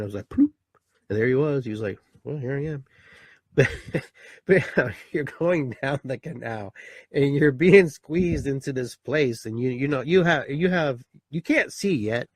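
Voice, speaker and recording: Middle-aged male host, husky voice, dry close sound; rambling, animated live talk to viewers. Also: mid-range voice, no echo. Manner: rambling, animated, acts out a newborn's voice.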